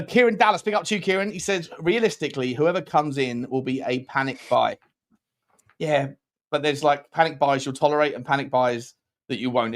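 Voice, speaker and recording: A chatty man hosts a casual live-stream football chat, joking with his co-host and reading out viewer messages. His voice sits a little higher than most men's. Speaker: podcast host.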